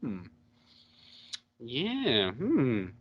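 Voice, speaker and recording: A man's voice: medium pitch, huge pitch swings, drawn-out words, muffled recording. A young man hosting a podcast, chatting casually, recapping a show and acting out the characters' lines with swearing. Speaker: podcast host.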